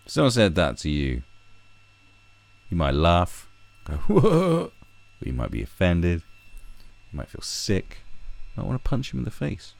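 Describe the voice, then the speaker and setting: A man's voice: low-pitched, sing-song, normal speed, creaky, long pauses, no room sound. A British man hosting a livestream, reading news aloud and ranting about it in a sweary, exasperated way. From Britain. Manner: sweary, exasperated, reads articles aloud and riffs on them. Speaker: livestream host. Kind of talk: casual ranting commentary. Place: home, fiddling with a screwdriver.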